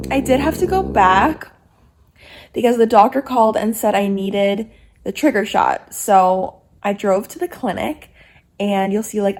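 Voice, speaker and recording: A woman's voice: fairly high pitch, noisy background. A young woman chatting candidly in a personal video diary with lots of fillers, filming herself on a phone in her car. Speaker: vlogger. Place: inside a car.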